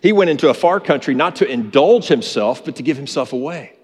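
A man's voice: a little high, expressive, a little fast, a little mellow, husky. A man preaching a sermon as pastor, earnest and emphatic, repeating his key phrases. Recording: long reverb of a large hall.

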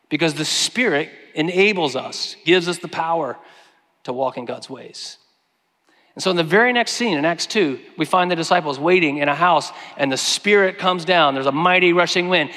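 Preaching man in a reverberant hall. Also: on the high side. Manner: earnest preaching, slowing and softening on quoted scripture. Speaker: pastor. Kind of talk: sermon.

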